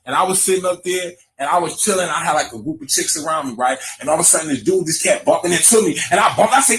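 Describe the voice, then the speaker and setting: A man co-hosting a live chat show, joking and telling stories, acting out quotes loudly. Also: high voice, animated, fast, hardly any pauses, slight background noise, rough recording. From Virginia, US. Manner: playful storytelling, acts out quotes loudly. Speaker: podcast co-host.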